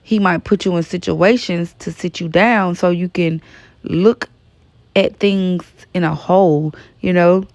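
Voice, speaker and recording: Woman, 30s, vlogger, casual storytime, chatty and frank, raspy-creaky voice, dry close sound. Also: fairly low pitch, steady tone, measured pace, darkish tone, dry recording. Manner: chatty, frank retelling full of "like" and "you know".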